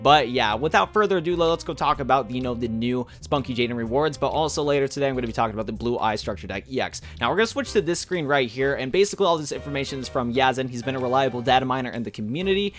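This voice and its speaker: A man hosting a gaming channel, talking in a quick casual ramble with many fillers, a little out of breath. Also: medium pitch, expressive, fairly bright tone, soft background music. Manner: rapid rambling delivery with many fillers, says he runs out of breath. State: slightly out of breath. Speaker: YouTube gaming channel host. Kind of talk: fast casual commentary on a mobile card game.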